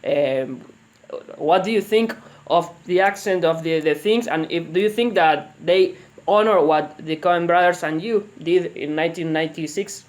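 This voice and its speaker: A man's voice: a little high, normal speed. A man, a native Spanish speaker, hosting an interview and asking questions in a casual, hesitant way. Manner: laughs along, hesitant phrasing. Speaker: interviewer host.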